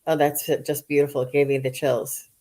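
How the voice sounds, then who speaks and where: Effusive low-voiced woman psychic. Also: flat delivery, a little fast, mellow. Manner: effusive, repetitive, emotional. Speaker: psychic medium co-host. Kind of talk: live-stream psychic reading.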